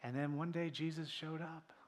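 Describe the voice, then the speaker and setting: A man preaching a sermon in a church, animated, acting out quoted voices and dropping to near-whispers for emphasis. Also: a little high, normal speed. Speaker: pastor. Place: church sanctuary.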